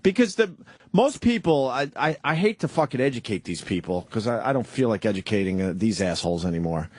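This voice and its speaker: A man's voice: lowish voice, very animated, a little fast, a little mellow, no room sound. A man hosting a radio talk show, chatting casually in the studio and ranting profanely about everyday annoyances. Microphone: studio microphone.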